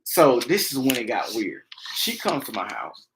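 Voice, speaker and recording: A young man hosting a podcast, telling a personal story in a casual, animated way and acting out the quoted voices. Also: medium pitch, normal speed, noisy background. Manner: animated, acts out quoted speech in raised voices. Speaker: podcast host.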